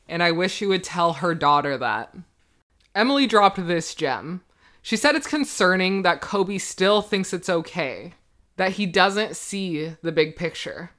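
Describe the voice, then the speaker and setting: A woman's voice: fairly low pitch, animated, unhurried, fairly bright tone. A young woman co-hosting a podcast, giving casual, indignant opinions on a reality show and laughing often. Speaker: podcast co-host.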